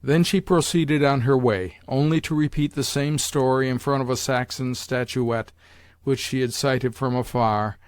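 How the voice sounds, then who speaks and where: A man narrating a classic novel as an audiobook in a measured, formal reading. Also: mid-range voice, steady tone, clear, resonant tone, no room sound. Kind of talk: scripted literary narration.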